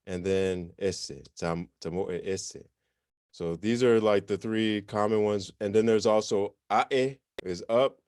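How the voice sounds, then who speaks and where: Male teacher, low clear voice, casual and self-correcting, dry close sound. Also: no room sound. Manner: relaxed, self-correcting, chatty explanations. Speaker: language teacher. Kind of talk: informal online class.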